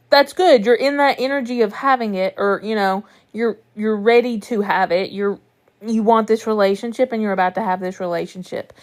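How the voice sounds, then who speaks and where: A woman's voice: a little high, a little mellow. A young woman coaching viewers through a live stream in a chatty, reassuring way, swearing now and then. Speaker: manifestation coach.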